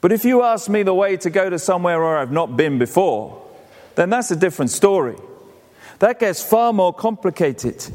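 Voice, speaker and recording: High-voiced preacher in a reverberant church. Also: male voice, animated, normal speed, darkish tone. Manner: conversational, storytelling, repeats words. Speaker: pastor. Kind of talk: sermon.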